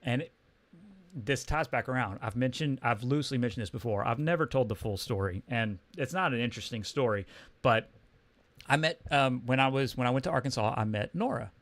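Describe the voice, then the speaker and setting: A man's voice: mid-range voice, a bit bright, no room sound. Rambling Texan man telling a story. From Texas. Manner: rambling, halting, with many restarts and fillers. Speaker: comics livestream host. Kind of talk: casual storytelling chat.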